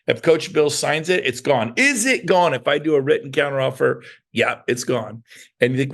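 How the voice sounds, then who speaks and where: A middle-aged man giving a lively sales talk as a real estate coach, acting out both sides of phone calls with agents. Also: mid-range voice, normal speed, gravelly. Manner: animated, plays both sides of dialogues.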